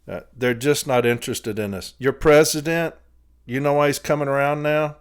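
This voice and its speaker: A man's voice: mid-range voice, steady tone, normal speed, clean tone. A man hosting a podcast, telling a long rambling story in a casual way, laughing between phrases and swearing freely. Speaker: podcast host.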